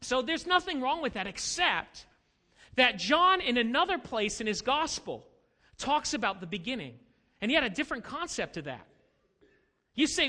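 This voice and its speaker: A man's voice: very high voice, big pitch swings, normal speed, bright, forceful tone, long reverb tail. A man preaching as a pastor, asking rhetorical questions and building to emphatic lines. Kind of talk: sermon.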